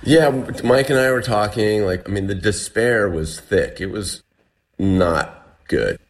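Very deep-voiced man telling a story. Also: lively intonation, unhurried. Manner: chatty, heavy on "like" and restarts. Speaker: guest telling a survival story. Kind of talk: casual storytelling.

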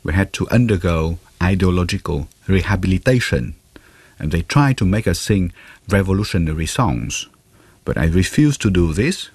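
Man, interpreter voice-over, very low voice, husky, measured. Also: lively intonation, darkish tone, dry recording. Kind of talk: translated voice-over.

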